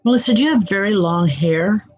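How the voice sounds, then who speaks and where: A woman giving spiritual readings live to online viewers, speaking gently and reassuringly, calling people by name with many soft hesitations. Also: mid-range voice, animated, brisk. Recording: dull lo-fi sound with music behind. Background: background music.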